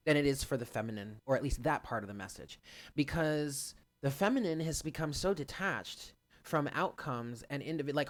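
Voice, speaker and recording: A man giving a live channeled card reading, talking earnestly and directly to his viewers. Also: on the high side. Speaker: spiritual card reader.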